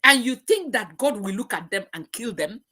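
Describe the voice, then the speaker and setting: A woman's voice: on the high side, expressive, moderate pace, sharp tone, husky. A middle-aged woman hosting a live talk, speaking passionately and repeating herself as she preaches. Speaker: host. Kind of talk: emotional live-stream talk.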